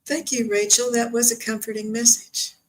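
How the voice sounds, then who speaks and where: A woman hosting a live-streamed spiritual reading as a psychic medium, speaking softly and gently and drawing out her words. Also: fairly high pitch, flat delivery, normal speed, rough recording.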